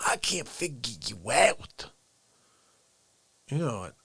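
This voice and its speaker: A man's voice: a little high, sing-song, normal speed, a bit bright, breathy edge, no echo. A man hosting a casual livestream, rambling playfully and often dropping into whispered asides. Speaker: livestream host.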